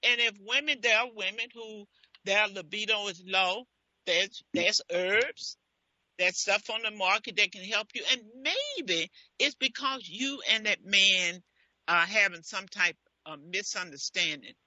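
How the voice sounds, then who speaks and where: A woman radio host with a very bright, sharp voice who talks bluntly and preaches frank advice. The sound is dry and a bit muffled, like a call-in radio show. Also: medium pitch, measured pace, no echo. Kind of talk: casual advice talk.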